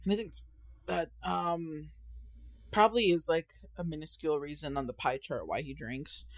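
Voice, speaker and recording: A woman's voice: low voice, moderate pace, no room sound. A young woman co-hosting a podcast, chatting casually and acting out stories with frequent laughter. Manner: animated storyteller, laughs often, acts out voices. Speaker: podcast co-host. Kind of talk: casual chat.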